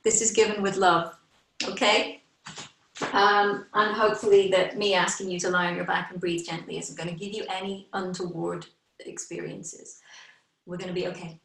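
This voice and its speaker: A yoga teacher with a British accent, a little short of breath, guiding a slow, gentle relaxation class with reassuring words. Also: female voice, lowish voice, flat delivery, gravelly. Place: home room, online class. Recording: roomy sound from a distant mic.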